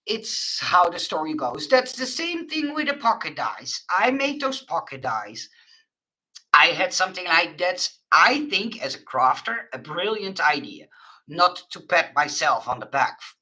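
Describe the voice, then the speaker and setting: A woman's voice: fairly low pitch, pushed and bright, poor audio. A middle-aged woman hosting a craft livestream, chatting casually with viewers and laughing often. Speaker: craft livestream host reading viewer chat.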